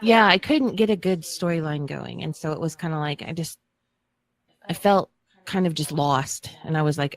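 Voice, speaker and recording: A woman's voice: deep voice, normal speed. A woman on a gaming podcast telling a personal story in a chatty, hesitant way. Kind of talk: casual chat.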